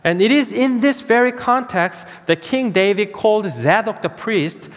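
A man preaching a sermon as pastor, slow and emphatic, pausing to stress key words. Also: sits high, in a large hall.

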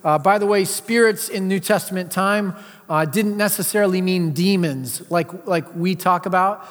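A man's voice: high-pitched, normal speed. Male pastor preaching in a reverberant hall. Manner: conversational, with frequent filler sounds. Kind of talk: sermon. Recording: long reverb of a large hall.

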